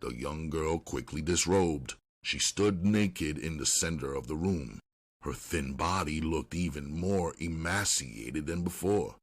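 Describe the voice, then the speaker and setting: Very deep husky male audiobook narrator. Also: unhurried.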